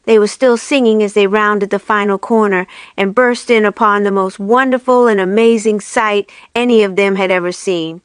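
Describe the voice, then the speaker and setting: A woman reading a children's book aloud with steady, clear storytelling. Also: mid-range voice, moderate pace, hardly any pauses, no echo. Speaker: reader.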